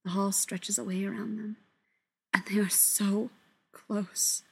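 A woman narrating a story in a soft voice that often drops to a whisper. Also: medium pitch, flat delivery, slow pace, creaky, breathy edge. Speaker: story reader.

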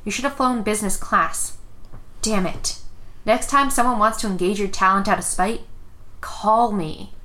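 A woman voicing a fierce, no-nonsense lawyer mother speaking crisply. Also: medium pitch, normal speed, sharp tone, lightly acted. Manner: crisp, clipped, commanding.

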